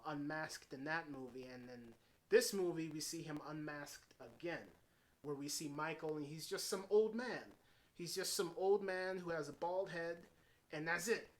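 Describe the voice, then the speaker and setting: A man giving a casual spoken film review, excitable and swearing freely as he runs through scene after scene. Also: fairly high pitch. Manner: excitable, swears freely, strings events with "and then". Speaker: movie reviewer.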